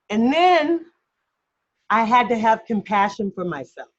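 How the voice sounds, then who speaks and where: Chatty acting coach on a dull video call. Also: female voice, fairly high pitch, expressive, normal speed. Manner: chatty, self-deprecating, laughs often. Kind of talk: mini lesson on a video call.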